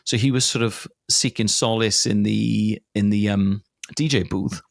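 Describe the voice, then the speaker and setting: A Welsh comedian in his forties, guesting on a podcast, tells a casual anecdote, animated, swearing and laughing as he goes. His lowish voice has vocal fry and a measured pace, recorded cleanly in a studio with no echo.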